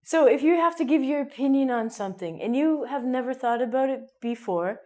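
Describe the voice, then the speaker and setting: A woman's voice: a little high, animated, normal speed. Playful Canadian woman teaching English. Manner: playful, jokey, acts out mini scenes with sudden loud and hushed bits. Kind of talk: casual online English lesson.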